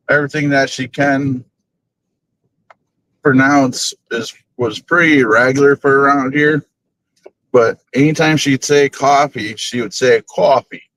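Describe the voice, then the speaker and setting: A man's voice: medium pitch, a bit bright, a little hiss or hum, rough recording. A man hosting a paranormal group's live stream, chatting casually from his car on the way to work, rambling and chuckling often. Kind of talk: casual live-stream chat while driving.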